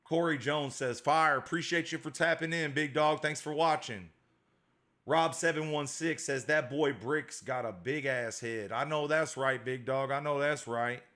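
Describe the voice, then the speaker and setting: A man's voice: a little high, unhurried, fairly bright tone. A man hosting a casual livestream as a dog breeder, reading out viewer comments in a slangy, repetitive way.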